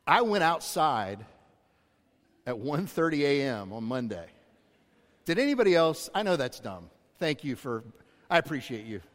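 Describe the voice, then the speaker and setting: Male pastor preaching, chatty and self-mocking, lots of pitch swing, long church echo. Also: sing-song, normal speed, pauses often. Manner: conversational, self-deprecating asides to the congregation. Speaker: executive pastor. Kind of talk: sermon. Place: church auditorium. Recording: long hall reverb.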